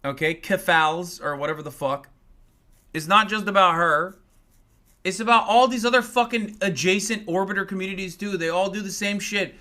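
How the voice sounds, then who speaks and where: A man's voice: high-pitched, moderate pace, pushed and bright. A man in his thirties, a streamer, ranting angrily and profanely at critics, mocking them with sarcastic put-on voices. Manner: mocks critics in exaggerated voices. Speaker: political commentator and Twitch streamer. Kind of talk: livestream rant.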